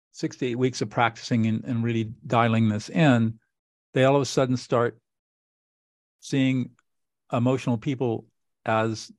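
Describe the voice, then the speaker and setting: A middle-aged podcast host conducts a conversational interview in a medium-pitched voice, recorded dry and close. He's earnest and instructive, repeating phrases for emphasis.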